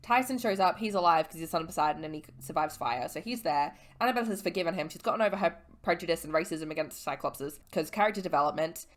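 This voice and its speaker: A tipsy woman recapping a book series in casual, animated chat, swearing freely and using slang. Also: low-pitched, fast, hardly any pauses. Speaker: vlogger.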